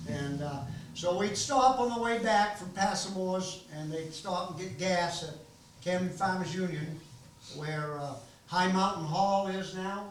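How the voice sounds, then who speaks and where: A man's voice: sits high, unhurried, far from the mic, a little hiss or hum. Older Maine man telling stories in an echoey room. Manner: rambling, folksy, full of ums and restarts. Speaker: host of a storytelling gathering. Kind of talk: casual storytelling to an audience. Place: library meeting room.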